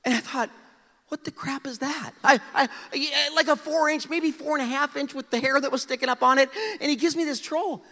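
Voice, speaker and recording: A middle-aged man from South Dakota preaching a storytelling sermon, animated and self-mocking, acting out his own past lines. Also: very high-pitched, a little fast, gravelly, few pauses. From South Dakota, USA. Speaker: pastor. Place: large church auditorium. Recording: hall reverb.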